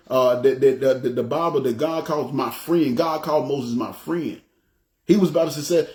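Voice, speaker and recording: A pastor with a slightly high, darkish voice delivers a loose, repetitive, conversational sermon in an echoey room, often checking in with listeners by asking "you know what I'm saying."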